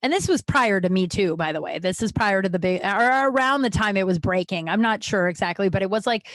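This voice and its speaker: A woman's voice: medium pitch, lively intonation, a little fast, a bit bright, no echo. A woman in her thirties hosting a podcast from a small room at home, telling a personal story in a blunt, frank way, swearing freely and restarting sentences. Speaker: podcast host.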